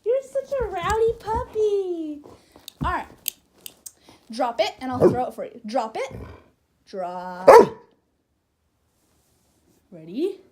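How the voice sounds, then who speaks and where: A young woman coos at her dog in a high, swooping, sing-song voice. She talks slowly and drags out her praise, laughing often. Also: sing-song, darkish tone, a little hiss or hum. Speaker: vlogger. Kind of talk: casual home video, talking to her dog. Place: home living room.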